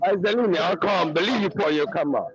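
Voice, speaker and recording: A man's voice: high voice, quick pace, dull audio, a crowd in the background. A man on a live online panel, teasing others in casual banter, repeating his words and laughing often.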